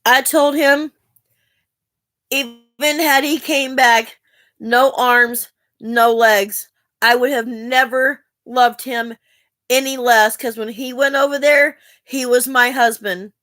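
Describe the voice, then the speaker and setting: A woman's voice: high-pitched, fairly even intonation, takes it slowly, a bit bright, no echo. A woman, talking earnestly and in a rambling, heartfelt way to her viewers, asking for help. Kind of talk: emotional personal talk to camera.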